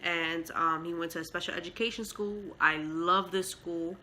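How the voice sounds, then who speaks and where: Mother telling her story to camera, heartfelt and emotional, bright voice, lots of fillers. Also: fairly low pitch, fairly even intonation, moderate pace, a little hiss or hum, poor audio. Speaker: mother and vlogger. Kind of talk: casual storytelling vlog.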